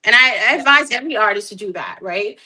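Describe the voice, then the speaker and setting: Bright, animated woman with a lilt. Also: mid-range voice, quick pace. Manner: animated, laughs often, repeats words. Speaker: guest artist. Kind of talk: casual interview chat.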